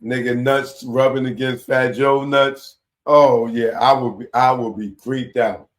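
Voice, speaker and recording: A man hosting a commentary show, reacting to a news story with loud, drawn-out incredulous exclamations and bursts of laughter. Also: medium pitch, fairly even intonation.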